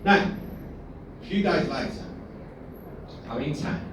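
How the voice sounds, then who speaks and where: A man's voice: fairly high pitch, lively intonation, takes it slowly, a crowd in the background. A man doing a rambling, sweary, self-mocking stand-up set in a small pub comedy room. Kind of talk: work-in-progress stand-up set. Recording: echoey room, distant mic, noisy.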